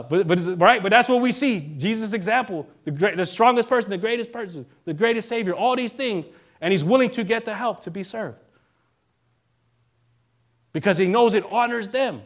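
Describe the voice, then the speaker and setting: A male minister giving a relaxed, conversational sermon, joking now and then and often checking in with the congregation. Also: high-pitched, moderate pace. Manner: casual and joking, keeps asking the congregation "right?".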